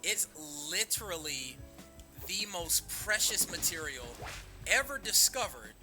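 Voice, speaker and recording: Animated high-voiced man chatting. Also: measured pace, music in the background. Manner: animated, swears freely. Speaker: streamer. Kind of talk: casual chat.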